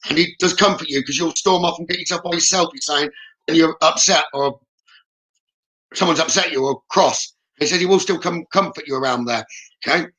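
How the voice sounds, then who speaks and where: Brisk, bright-voiced man giving readings. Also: on the high side, poor audio. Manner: reassuring, frequent "okay?" check-ins, relays messages. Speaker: psychic medium. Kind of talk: live-streamed spirit reading.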